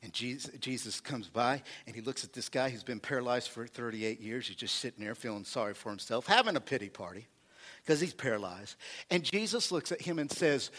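A male pastor preaching a sermon, animated, calling for responses from the congregation and acting out quotes from the text. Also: mid-range voice, fairly quick.

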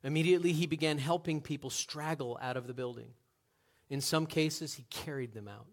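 A man preaching a sermon in an earnest manner, moving from hushed passages to loud, emphatic ones. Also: a little high, a little fast. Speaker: pastor.

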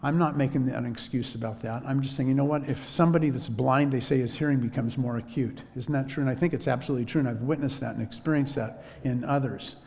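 A man preaching a sermon as a story, in a relaxed conversational way. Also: mid-range voice, fast talker, vocal fry, hardly any pauses, in a large hall. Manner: conversational, drops to a whisper when quoting himself.

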